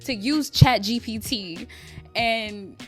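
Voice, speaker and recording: A young woman vlogging from her bedroom, gushing and tearful, talking in quick bursts with lots of fillers. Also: on the high side, soft background music. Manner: tearful, gushing, talks in bursts with many likes. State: crying on and off. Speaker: vlogger and talk show creator. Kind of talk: emotional personal vlog. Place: at home, bedroom.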